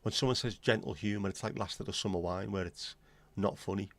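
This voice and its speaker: A gravelly, fairly low voice, slightly fast, recorded with no room sound: that's this livestream host, an Englishman in his forties. He chats casually, says what he thinks bluntly, and rambles between asides.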